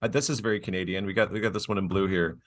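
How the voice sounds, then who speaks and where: A man's voice: deep voice, steady tone, very fast. Joking, laughing podcast host man. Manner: laughs often, joking, swears casually. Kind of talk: casual podcast chat.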